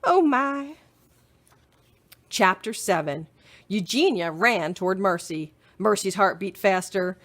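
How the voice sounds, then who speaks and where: A woman librarian reading a children's chapter book aloud in an expressive storytelling manner. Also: medium pitch.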